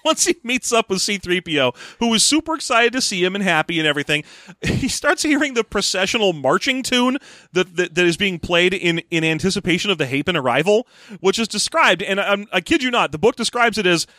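A man co-hosting a podcast, recapping a book with joking, animated storytelling. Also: sits high, fairly quick, no room sound, clean studio sound. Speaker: podcast co-host. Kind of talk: casual comedic book recap.

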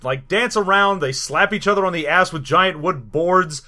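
Man, casual film chat, blunt, exasperated, high voice, bright tone. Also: moderate pace. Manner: blunt, exasperated, swears, acts out dialogue. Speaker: podcast co-host reviewing a film.

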